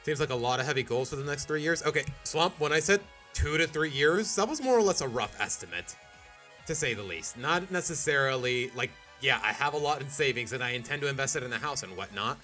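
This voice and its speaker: A young man streaming a game and chatting with his viewers, animated and jokey. His voice is bright and swings widely in pitch as he riffs and sometimes puts on goofy accents. His pitch sits in the middle for a man. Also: fairly quick, soft background music. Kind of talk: casual live-stream chat.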